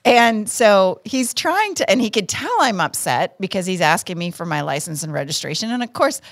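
A woman's voice: mid-range voice, normal speed. A woman co-hosting a podcast, telling a story in casual chat and laughing through it. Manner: animated, laughs through her own story. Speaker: podcast co-host.

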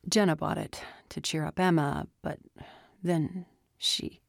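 A weary, tired man, as a woman narrator plays him, his voice thin and weak. He speaks slowly. The recording is dry and close. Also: low-pitched, fairly even intonation, vocal fry, no echo, heavily acted.

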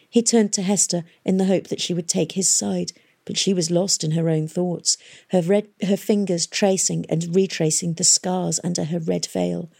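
Mellow-voiced woman narrating a novel. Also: lowish voice, gravelly, husky. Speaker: audiobook reader. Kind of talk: scripted narration.

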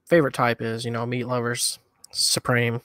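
A man's voice: mid-range voice, monotone, normal speed, fairly bright tone, no room sound. A man co-hosting a casual podcast, chatting in an easygoing, rambling way while eating hot wings. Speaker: podcast co-host.

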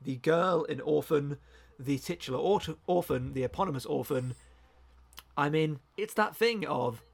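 A man's voice: a little high, moderate pace, gravelly. A man co-hosting a podcast, rambling enthusiastically through a casual chat and often correcting himself mid-sentence. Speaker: podcast co-host.

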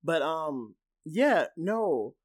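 A man co-hosting a casual film discussion, animated and full of "like" fillers. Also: fairly high pitch, very slow. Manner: animated, filler-heavy, lots of "like". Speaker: podcast co-host.

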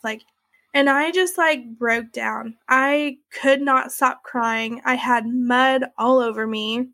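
Speaking in a high, sharp voice with a steady tone and measured pace, a young woman shares a personal ordeal. She's an interviewee recounting her experience emotionally and conversationally, with plenty of "like" and "you know."

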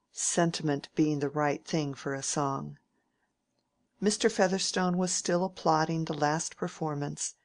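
A woman reads a classic novel aloud as an audiobook narrator. Her voice is low and her delivery is measured and even. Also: no room sound.

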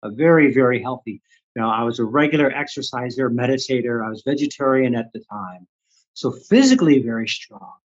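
A man's voice: mid-range voice, fairly quick, husky, lo-fi sound. An older man from the Midwestern United States, candidly telling a story as an interview guest and acting out his own past thoughts. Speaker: guest, Reiki teacher.

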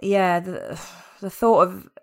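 A woman with a lowish voice, talking bluntly and giving strong opinions in a relaxed chat. She swears freely and speaks her mind. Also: takes it slowly. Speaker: podcast co-host. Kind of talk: casual chat.

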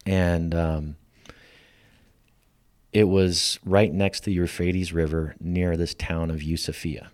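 Deep guy in his 50s, guest on a chat show, animated storyteller, dry sound. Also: slow, long pauses, dry recording. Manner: lively storyteller who acts out quoted lines. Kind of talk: storytelling in casual conversation.

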